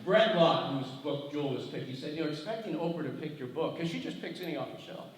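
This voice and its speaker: A middle-aged man, an author on a festival panel, telling animated, self-mocking stories with salty language and frequent laughter. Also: a little high, fast. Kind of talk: anecdotal storytelling on stage. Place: large hall at a festival. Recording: echoey hall, far-off mic, noisy.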